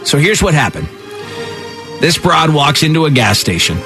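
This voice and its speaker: A man's voice: fairly high pitch, sing-song, moderate pace, over music. A man hosting a morning radio show, reading odd news stories with loose, teasing humor and frequent laughs.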